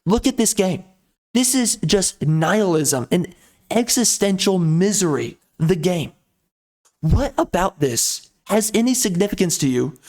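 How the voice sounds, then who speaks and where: This man's voice sits high with a darkish tone. Working as a video commentator, he delivers a long, blunt rant full of repetition as he airs his frustrations.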